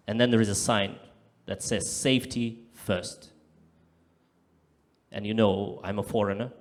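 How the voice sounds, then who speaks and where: Man doing live stand-up. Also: mid-range voice. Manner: deadpan punchlines with sudden loud acted-out voices. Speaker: stand-up comedian. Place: comedy club stage in front of a live audience.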